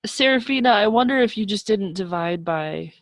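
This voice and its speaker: A young adult woman gives an animated, upbeat live math lesson online, encouraging her students and chatting with them in asides. Her mid-range voice moves at normal speed, captured by a video call mic with no echo.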